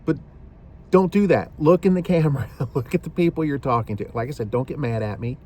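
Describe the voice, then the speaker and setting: A man's voice: medium pitch, fairly quick, warm tone. A man hosting a shaving video, talking casually to the camera in a rambling way, often repeating himself and saying "you know".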